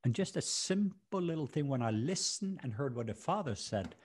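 A man's voice: medium pitch, animated, normal speed, darkish tone, husky. A middle-aged man, a podcast guest, earnestly telling personal faith stories in conversation.

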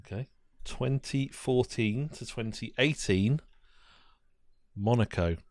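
A man's voice: medium pitch, takes it slowly, a little mellow, no room sound. A man hosting a casual football quiz among friends, reading out clues and bantering. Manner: reads out clues, banters and swears. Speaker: quiz host.

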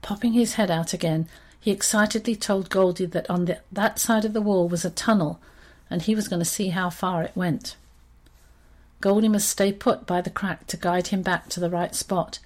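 A woman reading a children's story aloud in an expressive, steady storytelling manner. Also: on the low side, moderate pace.

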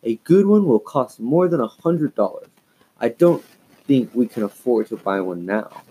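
A man's voice: mid-range voice, very animated, moderate pace, mellow, slight background noise, natural voice, rough recording. A man voicing a stern, tired father who scolds his quarreling daughters. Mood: weary. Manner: firm, scolding.

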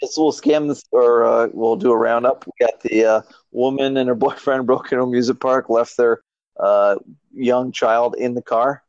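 A man's voice: medium pitch, steady tone, moderate pace, a little mellow, no room sound. Dry-humored male co-host, dull mic. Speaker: podcast co-host. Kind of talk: casual chat.

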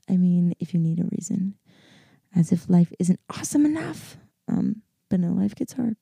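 Young woman, podcast host, casual monologue, sleepy, rambling, dark mellow tone, vocal fry. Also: fairly low pitch, normal speed, dry recording, clean studio sound. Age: 20s. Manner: rambling, upbeat, laughs often, many fillers.

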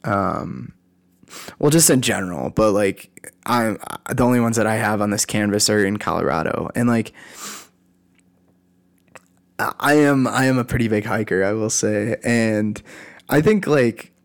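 A young man hosting a casual solo podcast, talking in a rambling, animated way with lots of fillers and restarts. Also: fairly low pitch, measured pace, creaky, pauses often. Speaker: podcast host. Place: lives at altitude in a mountain city.

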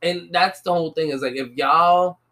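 A woman's voice: fairly low pitch, moderate pace, fairly bright tone. A woman talking casually with a friend, pressing her argument in earnest. She leans on slang and keeps checking that she is understood. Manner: argues earnestly with slang and repeated "you get what I'm saying". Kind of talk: casual chat.

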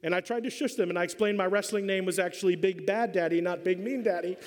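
A middle-aged man preaches in a church auditorium, telling a comic family story with lively acted-out voices. His voice sits high for a man. Long reverb trails behind his words. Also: fast. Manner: animated storyteller acting out voices. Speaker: pastor. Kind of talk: sermon with a humorous story.

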